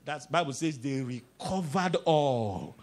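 A man preaching a sermon, emphatic and repetitive, breaking into loud exclamations and coaxing the congregation to answer back. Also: mid-range voice, animated, takes it slowly. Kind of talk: sermon with call-and-response.

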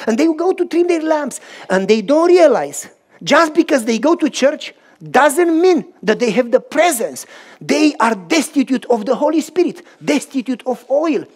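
A man preaching a sermon as pastor, telling a story animatedly with short, emphatic repeated phrases. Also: sits high. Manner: animated and emphatic, acting out voices and rhythmic sounds; short repeated phrases, stressing each word.

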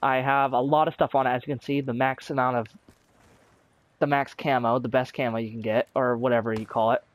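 A man's voice: medium pitch, level tone, fairly quick, dry recording. A young man chatting casually over his own gameplay as a gaming YouTuber, rambling with lots of fillers and restarts. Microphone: console recording software.

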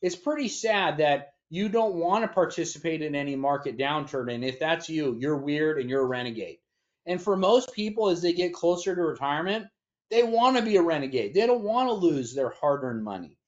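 Folksy man pitching, slightly high voice. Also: lively intonation, fairly quick. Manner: folksy salesman with homespun analogies. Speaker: retirement planning firm owner, guest. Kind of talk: interview answers. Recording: dull lo-fi audio.

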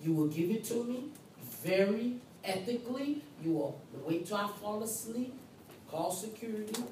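This nursing instructor talks at a normal speed in an animated, medium-pitched voice, stressing and repeating key points as she takes on the patient's role in the first person. The background is noisy, and the recording is roomy and distant with faint ambience.

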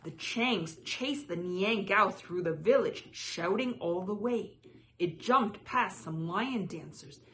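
A woman reading a children's picture book aloud in a soft, measured way. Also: medium pitch, a little hiss or hum. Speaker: storyteller.

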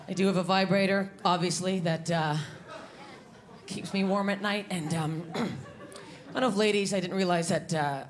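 Gravelly brash woman comic on stage. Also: medium pitch, moderate pace, a crowd in the background. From Canada. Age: 30s. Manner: brash, self-deprecating, with loud shouted punchlines. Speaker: stand-up comedian. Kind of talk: stand-up comedy set. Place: comedy venue stage with live audience. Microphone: handheld microphone. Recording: live room with audience and background noise.

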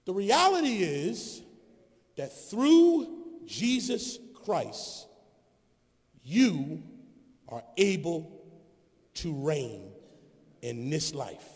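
A man pastor preaching a sermon, building to shouted emphasis and calling on the congregation to answer him. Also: a little high, sing-song, drawn-out words, long pauses, in a large hall. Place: church sanctuary.

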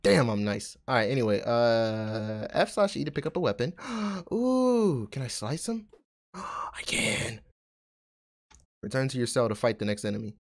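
A young man giving excitable, trash-talking commentary while playing a video game. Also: medium pitch, a little slow. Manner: excitable, trash-talking, swings from mumbling to shouting. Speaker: gaming YouTuber. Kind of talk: gameplay commentary.

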